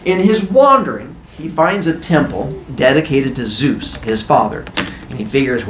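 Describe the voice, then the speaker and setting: A man tells a comic story with playful energy. His pitch swings widely, and his voice rings in a roomy, echoey space. A faint background hum sits underneath. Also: normal speed. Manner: animated and playful. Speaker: podcast host and storyteller. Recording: roomy echo.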